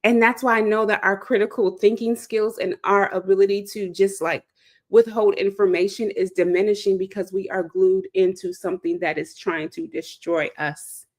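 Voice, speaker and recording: A woman's voice: medium pitch, fairly even intonation, normal speed. Emphatic woman from Chicago's South Side. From South Side of Chicago, USA. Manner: emphatic, preacher-like, repeats key phrases. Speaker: host and speaker. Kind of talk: impassioned monologue.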